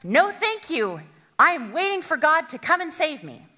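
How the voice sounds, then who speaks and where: A woman's voice: on the low side, very animated, moderate pace, a bit bright. A woman voicing a stubborn man stranded on a flooded roof, politely and insistently refusing help. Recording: long hall reverb.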